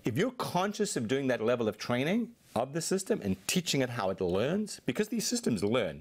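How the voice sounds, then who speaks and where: A man being interviewed as a technology executive, explaining his points fluently and in a measured way. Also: medium pitch, very animated. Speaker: Microsoft technology executive, guest. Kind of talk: interview answers.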